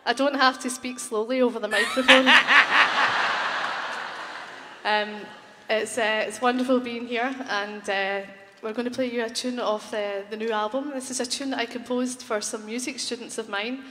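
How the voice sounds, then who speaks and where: Bright chatty woman on stage. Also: on the high side, steady tone, normal speed, hardly any pauses. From Glasgow, Scotland. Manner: friendly, chatty, teasing with fillers. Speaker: musician introducing a tune. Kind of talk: live stage banter. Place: concert hall. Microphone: stage microphone. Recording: live hall with crowd and long reverb.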